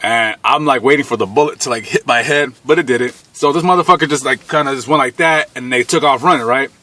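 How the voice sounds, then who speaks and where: A man's voice: mid-range voice, quick pace, bright, forceful tone. A man in his thirties telling a personal story in a blunt, profane, casual way, often laughing as he goes.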